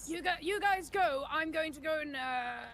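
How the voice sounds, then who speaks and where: A woman voicing a scatterbrained old granny in a crime role-play game, dithering and creaky. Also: high voice, normal speed, a loud crowd, lightly acted. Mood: grateful. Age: older.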